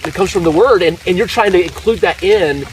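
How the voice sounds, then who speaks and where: A man with a fairly high voice adds short agreements and asks questions in an easy, casual chat. He sits some way off the mic, with faint noise in the background. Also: brisk, recorded from a distance, poor audio. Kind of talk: casual conversation.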